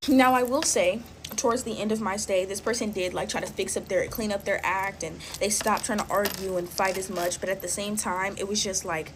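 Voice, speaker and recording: A woman's voice: medium pitch, fairly even intonation, brisk, noisy background. A woman in her twenties chatting casually while making slime, drawling and filling her talk with "like" and "y'all". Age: 20s.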